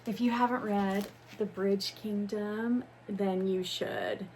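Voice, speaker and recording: Slow-talking, gushing woman booktube host. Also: medium pitch, a little hiss or hum. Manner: gushing, excited, calls viewers "you guys". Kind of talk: casual unboxing chat. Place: home room with ring light.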